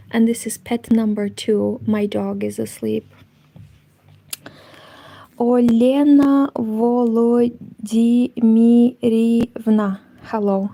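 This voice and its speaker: A woman hosting a casual knitting livestream from home, chatting with viewers in a soft, partly whispered voice. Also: on the high side, gravelly, low-quality recording. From Moldova. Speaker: knitting channel host. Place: home, indoors.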